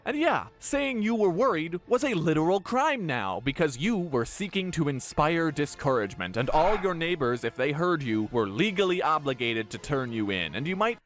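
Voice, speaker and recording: A man tells history in a scripted, comic way, tossing in sarcastic, deadpan remarks. His voice is somewhat high and very lively, and faint music plays underneath. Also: moderate pace, few pauses. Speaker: narrator. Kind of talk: comedic scripted history narration.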